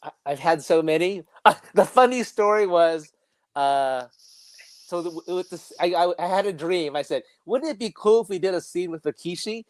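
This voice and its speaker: A man's voice: sits high, no echo. A man joining a podcast as a guest, chatting casually and stumbling a little as he starts sentences. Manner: halting, repeats words as he starts. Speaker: film collaborator guest.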